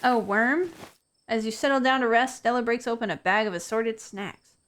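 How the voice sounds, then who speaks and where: A woman streamer reading a visual novel aloud. She is playful and animated, with a fairly high voice. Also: fairly quick, a little hiss or hum.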